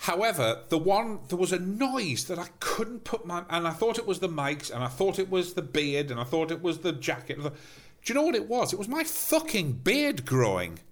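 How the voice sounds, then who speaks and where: A man's voice: sits high, very animated, normal speed, few pauses. A man co-hosting a comedy podcast about old television, making sardonic, sweary put-downs. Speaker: podcast co-host. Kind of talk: casual comedic chat reviewing old TV.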